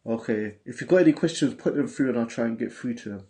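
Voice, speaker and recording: A man's voice: medium pitch, fast talker, warm tone. A man with a London accent, hosting a casual livestream, talking in street slang and reading out viewer messages. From England. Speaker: livestream host.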